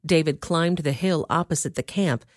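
A woman reading scripture aloud in a steady, measured way. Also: low voice, no echo, studio quality. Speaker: scripture reader. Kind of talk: Bible reading.

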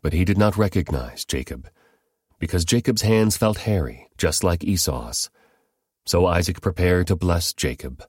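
Deep-voiced man narrating a story. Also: lively intonation, moderate pace, breathy edge, no echo, studio quality. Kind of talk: scripted narration.

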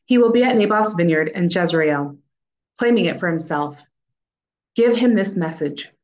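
A woman reading the words of a stern prophet delivering judgment, slowly and solemnly. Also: on the low side, expressive, a little mellow, natural voice, low-quality recording.

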